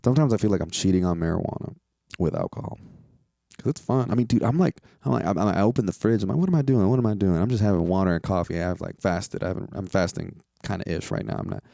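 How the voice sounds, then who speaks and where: A man, a stand-up comedian hosting his own podcast, rambles through a casual, profane monologue and now and then jumps into playful high-pitched outbursts. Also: quick pace, vocal fry, warm tone, no echo, studio quality.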